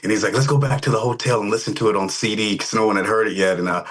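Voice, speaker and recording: A middle-aged man, a rock singer, chatting over a video call in a relaxed, rambling way with many fillers. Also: on the low side, rapid-fire, husky. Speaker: rock band lead vocalist. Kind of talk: casual interview chat.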